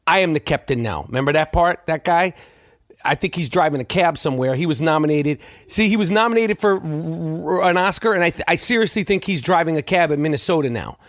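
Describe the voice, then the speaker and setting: Podcast host, male, high voice, dry close sound, rants with profanity and tripping restarts. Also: dry recording. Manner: rambling, profane, frequent stammered restarts. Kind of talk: casual opinion monologue.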